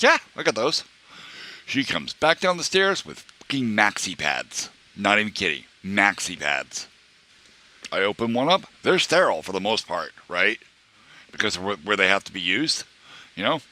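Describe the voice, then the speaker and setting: A young male streamer tells a rambling story to his chat, full of fillers, restarts and acted-out quotes from other people. His voice sits very low yet comes across bright and forceful.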